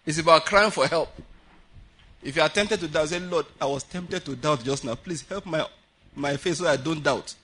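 A man preaching a sermon, animated, acting out quotes and laughing often. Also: a little high, normal speed, husky.

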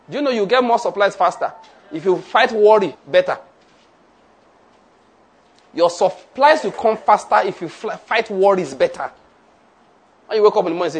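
A man preaches in a high, ringing voice. He leads the congregation line by line through declarations and stresses each phrase. His voice sits well above the usual male range. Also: lively intonation, moderate pace, pauses often, slightly rough. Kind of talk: sermon with call-and-response.

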